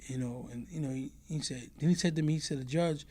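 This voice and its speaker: A middle-aged man recounts his past in a relaxed interview, his voice pitched a bit high but dark and mellow in tone. He slips into the voices of the people he describes and keeps leaning on "you know what I mean". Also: quick pace. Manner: animated, acts out the voices of the people in his stories. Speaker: interview guest. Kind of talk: casual storytelling.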